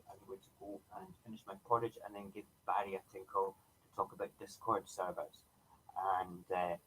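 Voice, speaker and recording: A middle-aged man hosts an easygoing morning livestream, rambling along with plenty of ums and restarts. His voice sits low and relaxed, with a faint hiss of background noise. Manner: chatty and rambling, full of fillers. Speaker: host of a morning livestream show. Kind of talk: casual morning chat.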